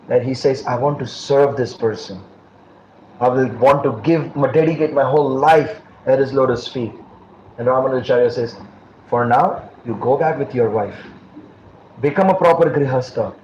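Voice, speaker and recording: A man with a medium-pitched, darkish voice leads a scripture class as a preacher, telling stories, acting out the dialogue and laughing now and then. The recording is dull and roomy, with faint noise.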